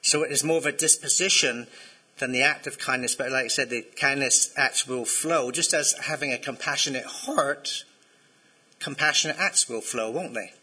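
Bright, husky-voiced male preacher. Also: mid-range voice, moderate pace, low-quality recording. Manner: conversational, asks the congregation to respond. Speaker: pastor. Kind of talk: sermon.

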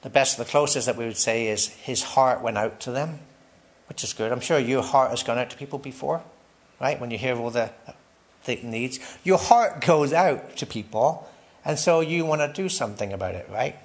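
A man's voice: medium pitch, brisk. A man preaching a sermon in a conversational way, asking the congregation questions, tagging "right?" onto his points and laughing lightly between phrases.

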